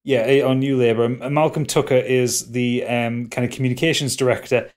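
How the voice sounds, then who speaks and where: A man's voice: mid-range voice, level tone, brisk. A man with a Geordie accent hosting a podcast in casual chat, rambling with fillers and restarts. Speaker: podcast host.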